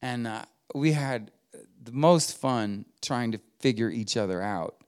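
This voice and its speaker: A man's voice: medium pitch, a little slow, darkish tone. A middle-aged man, preaching a sermon in a folksy storytelling way. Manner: folksy storytelling with laughs and quoted voices. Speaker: pastor.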